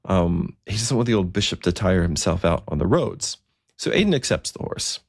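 A man's voice: low voice, lively intonation, moderate pace, creaky, slightly rough, no room sound, clean studio sound. A man narrating a story in a conversational way, with fillers and asides.

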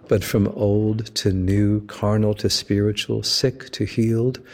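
Slow, low-voiced man preaching. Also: big-room sound. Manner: slow, measured preaching with deliberate emphasis. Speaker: pastor. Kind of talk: sermon.

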